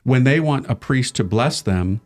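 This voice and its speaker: A man, a priest and podcast guest, chatting casually and telling animated stories, acting out the people he quotes. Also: mid-range voice, measured pace. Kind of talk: casual conversation.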